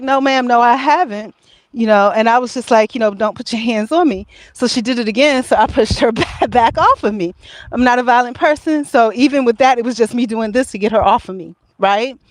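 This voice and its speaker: A woman's voice: fairly high pitch, no room sound. A woman vlogging casually, telling a rambling story and laughing often as she talks.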